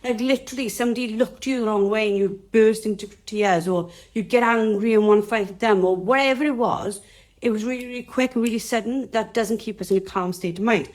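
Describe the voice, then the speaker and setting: A woman's voice: a little high, fairly quick, darkish tone. Woman, Welsh accent, dog trainer, casual live-stream talk, chatty, rambling, talks to viewers.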